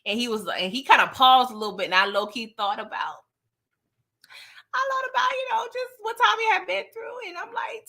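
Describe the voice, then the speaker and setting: A woman's voice: fairly high pitch, fairly quick. A woman casually recapping a TV series, acting out the characters' lines with lots of laughs. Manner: animated, acts out characters' lines, laughs often. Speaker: TV recap YouTuber.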